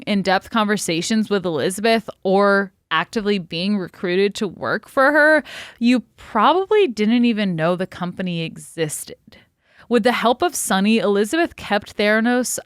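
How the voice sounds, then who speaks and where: Smooth-voiced woman telling a story casually. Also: mid-range voice, dry recording, studio quality. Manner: laughs often, blunt and swears casually. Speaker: podcast co-host.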